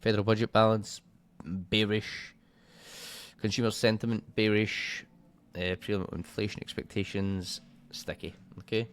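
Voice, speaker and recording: A man's voice: lowish voice, little pitch movement, unhurried. A man coaching forex trading in a casual screen-share walkthrough, thinking aloud and swearing offhandedly.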